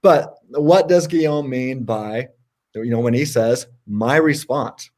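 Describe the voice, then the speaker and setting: A man co-hosting a casual livestream debate, talking in an animated, sarcastic way. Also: measured pace. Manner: animated and sarcastic, jumps in pitch for emphasis. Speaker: co-host.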